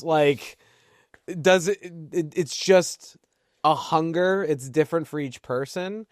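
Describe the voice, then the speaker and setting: A man's voice: a little high, unhurried, smooth, dry recording, clean studio sound. A man co-hosting a podcast, telling business stories in casual chat and laughing between points. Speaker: podcast co-host.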